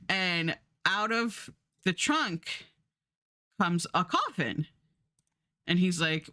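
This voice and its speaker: A woman streamer telling a story in a casual, animated way, repeating words and restarting often. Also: lowish voice, takes it slowly, no echo, clean studio sound.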